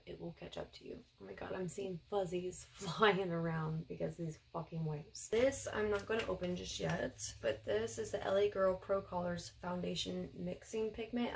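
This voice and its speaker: A young woman talks through a beauty haul in a chatty, gushing way. Her voice sits low and has a gravelly fry. She fills her talk with casual fillers. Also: poor audio. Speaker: beauty vlogger. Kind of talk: casual product haul review.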